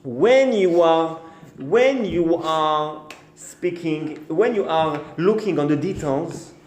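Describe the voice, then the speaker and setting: Halting rabbi telling a story in an echoey room. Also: male voice, on the high side, expressive, a little mellow. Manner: halting, repeats and restarts phrases; acts out the birds and the king in short quoted bits. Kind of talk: storytelling sermon. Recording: echoey room with faint noise.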